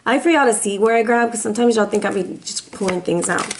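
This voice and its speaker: A woman giving a casual, chatty tarot reading, playful and animated, who slips into quoted voices and bits of song. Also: mid-range voice, fast talker, a little hiss or hum. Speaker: tarot reader.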